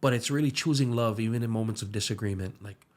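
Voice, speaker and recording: A young man with a light lilt telling his story earnestly on a podcast, his voice dropping to a hush when it gets emotional. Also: lowish voice, quick pace. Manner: earnest, slips into soft hushed tones when emotional. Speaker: musician and aspiring pastor.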